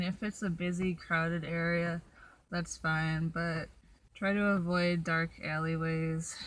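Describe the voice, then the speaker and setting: A young woman tells stories from her travels in a loose, chatty vlog style. Her voice sits fairly low for a woman, and she talks with plenty of ums and likes. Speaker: solo traveler vlogger. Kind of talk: casual storytelling vlog. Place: in her van.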